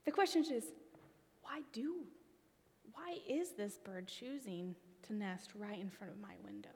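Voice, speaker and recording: A woman preacher giving a sermon with a personal story, expressive, often trailing her phrase endings off into a whisper. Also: medium pitch, unhurried, in a large hall.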